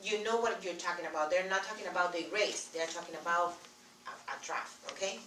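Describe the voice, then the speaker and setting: A woman's voice: lowish voice, fast, a bit bright, a little hiss or hum. A woman teaching a Spanish class in English with a Spanish accent, patiently repeating key words. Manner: patient, repeats key words, writes on board while talking. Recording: echoey classroom from far off.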